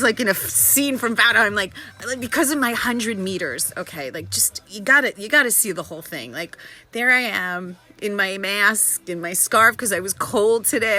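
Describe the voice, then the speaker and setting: A young woman vlogging casually from her apartment, excitable and rambling, often restarting her sentences. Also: mid-range voice, normal speed, soft background music. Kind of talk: casual daily vlog. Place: her apartment in Tel Aviv.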